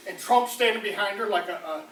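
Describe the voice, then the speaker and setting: A man doing loose political stand-up, rambling and animated and slipping into mocking voices. He sounds distant from the mic in a roomy, echoey space with a faint ambient hum behind him. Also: sits high, a little fast. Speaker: street comedian. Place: campus room before a live audience. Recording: echoey room, voice from far off.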